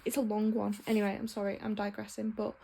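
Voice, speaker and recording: A woman's voice: mid-range voice, monotone, quick pace, gravelly, dark tone, slightly rough. A young woman chatting casually in a vlog, frank and ranting, swearing freely. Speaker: book vlogger.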